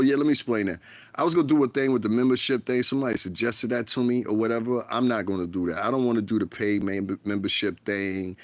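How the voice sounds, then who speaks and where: A man from the United States hosts a casual livestream from his bedroom, rambling frankly and profanely into a tablet. His voice is lowish, and there's no echo.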